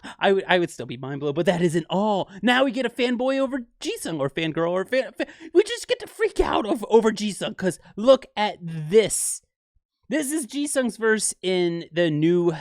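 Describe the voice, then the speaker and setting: A man hosting a casual music breakdown, excitably scatting rhythms aloud as he explains them. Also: high-pitched, measured pace, dry recording, studio quality. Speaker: music reaction host.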